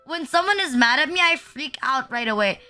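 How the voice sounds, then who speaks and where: Bright high-voiced Filipina streamer rambling. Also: female voice, expressive, fairly quick, faint music behind. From Philippines. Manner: rambling, filler-heavy, self-deprecating. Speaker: VTuber streamer. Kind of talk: casual live-stream chat.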